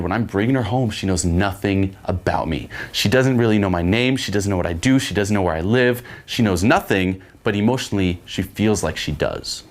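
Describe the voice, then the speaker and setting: A man coaching on dating in a casual, profane way, often checking in with "okay?". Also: sits low. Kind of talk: instructional monologue.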